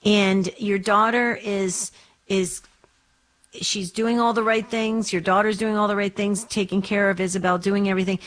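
A woman hosting a religious call-in radio show, chatting and gently asking callers probing questions. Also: medium pitch, level tone, moderate pace.

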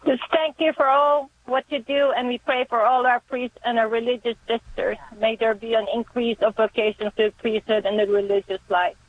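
A woman calling in to a radio show, making an earnest, devout prayer request with a slightly halting delivery. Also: on the high side, fairly even intonation. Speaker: caller. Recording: tinny phone line.

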